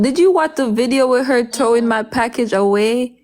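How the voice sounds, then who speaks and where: A woman's voice: on the high side, moderate pace, darkish tone. Casual, bewildered American woman. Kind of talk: casual livestream chat.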